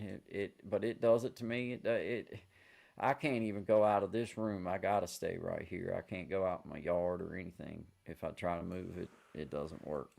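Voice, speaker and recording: A man's voice: low-pitched, gravelly, darkish tone. A man hosting a livestream from a room at home, chatting in a laid-back, friendly way on a computer mic. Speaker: livestream host. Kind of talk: casual chat. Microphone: computer mic on a streaming call.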